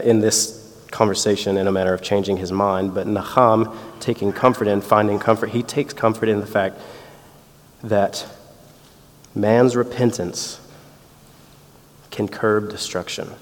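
Lowish male preacher in a reverberant hall. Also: fairly even intonation, unhurried, pauses often. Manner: conversational, tells family stories, acts out quotes. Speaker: pastor. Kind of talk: sermon.

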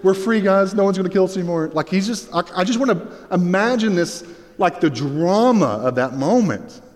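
A man preaching a sermon as pastor, telling the scene with lively, acted-out storytelling. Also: high-pitched, moderate pace. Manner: animated storytelling, acts out Bible scenes. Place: church sanctuary. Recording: long reverb of a hall.

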